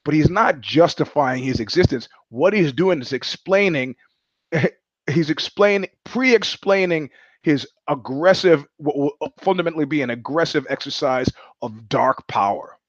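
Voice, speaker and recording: A man's voice: a little high, animated, measured pace, no echo. Wry rambling man, dull lo-fi sound. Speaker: podcast host. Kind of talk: casual monologue commentary.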